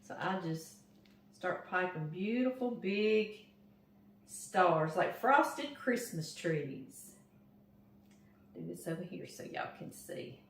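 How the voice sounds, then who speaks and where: Slow-talking older Southern woman in an echoey kitchen. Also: lowish voice, expressive, slight background noise. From Louisiana. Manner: chatty, talks straight to viewers as "y'all". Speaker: home cooking vlogger. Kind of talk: casual cooking demonstration. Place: home kitchen. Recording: roomy kitchen echo.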